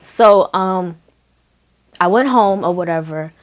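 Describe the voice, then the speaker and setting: Chatty low-voiced young New woman. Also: slow pace. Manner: chatty, animated, acts out dialogue with laughs. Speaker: makeup artist and vlogger. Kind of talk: casual storytelling.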